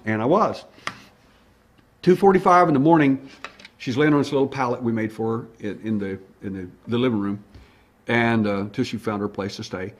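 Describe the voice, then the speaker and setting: Husky-voiced male investigator recounting a case with lively, acted-out dialogue. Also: mid-range voice, normal speed. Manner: animated, acts out dialogue. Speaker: alien abduction investigator. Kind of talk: storytelling monologue.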